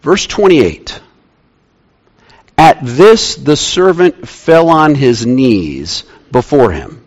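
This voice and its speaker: A man preaching a sermon to his congregation, emphatic and repeating key phrases, sometimes dropping to a quiet, slow delivery. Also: mid-range voice, very animated, muffled recording. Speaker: pastor. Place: church sanctuary with congregation.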